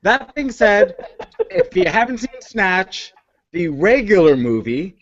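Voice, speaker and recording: Male panelist, fairly high, lively and playful; dull lo-fi call audio. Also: slow pace. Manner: playful, joking, expressive. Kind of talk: casual panel chat.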